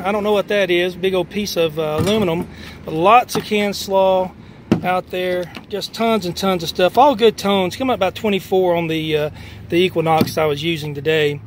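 A man chatting folksily while metal detecting outdoors, winded and overheated, with lots of fillers. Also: high-pitched. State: out of breath and overheated. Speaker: metal detecting vlogger and preacher. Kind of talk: casual outdoor vlog narration. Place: outdoors in a church back lot. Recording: faint outdoor background noise.

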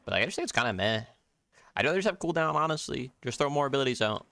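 A man's voice: mid-range voice, very fast, creaky, dry recording. A young man streaming his gameplay, chatting casually with viewers, joking and swearing as he plays. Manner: profane, joking, excitable.

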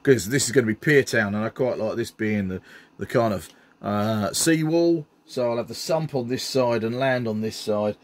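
A middle-aged man who builds scenery chats enthusiastically at a normal pace in a mid-range voice, showing off his hobby builds. It's a casual show-and-tell, and he says "um" a lot.

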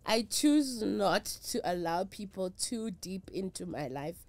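A middle-aged South African woman, a traditional healer, speaks candidly in an interview, emphatic and emotional, mixing English with Zulu and Sotho. Her medium-pitched voice has lively intonation, a slow pace, and a slightly mellow quality, with no room sound.

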